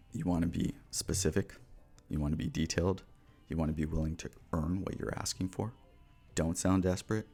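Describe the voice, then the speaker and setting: A man's voice: low voice, gravelly, darkish tone. A podcast host talking earnestly and directly to the listener as he gives motivational advice. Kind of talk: motivational talk.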